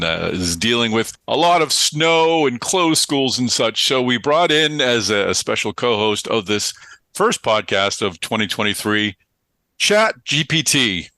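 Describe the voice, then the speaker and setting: A man's voice: mid-range voice, sharp tone, dry recording. A man hosting a podcast, talking in a loose, casual way with frequent fillers. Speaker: podcast host.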